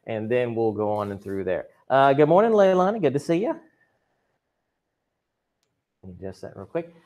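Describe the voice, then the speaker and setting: A male drama and chorus teacher leads a virtual class from his classroom, talking into a computer mic on a video call. His delivery is upbeat and chatty, and he keeps slipping joking asides to his students between points. His voice sits at a middle pitch for a man. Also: very animated, fast talker, darkish tone, dull audio, soft background music.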